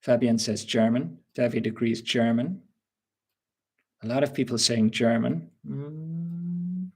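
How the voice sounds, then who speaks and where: A man's voice: medium pitch, unhurried, a little mellow, slightly rough. A male English teacher giving a live webinar lesson, patiently quizzing viewers and reading out their answers.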